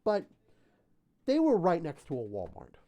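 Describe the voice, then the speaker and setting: A man's voice: a little high, huge pitch swings, a little slow, mellow. A man hosting a casual livestream call-in show, rambling and self-deprecating as he chats with viewers.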